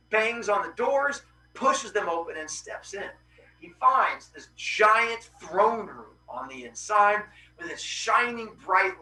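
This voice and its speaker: Animated man telling a myth casually. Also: high voice, echoey room, recorded from a distance, a little hiss or hum, poor audio. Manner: animated, jokey, with playful asides. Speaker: podcast host.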